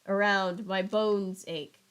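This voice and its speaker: A woman's voice: medium pitch, steady tone, slow, clean tone, close to an everyday voice. A woman voicing an old female nurse who complains about her aches and rambles. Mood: grumbling. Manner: moaning, sulky, rambling.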